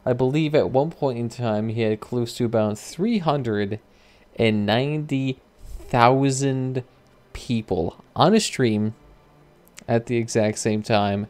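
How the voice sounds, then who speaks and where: A man's voice: medium pitch, takes it slowly, darkish tone. A man streaming and giving casual, wry commentary that rambles and corrects itself as it goes. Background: faint background music.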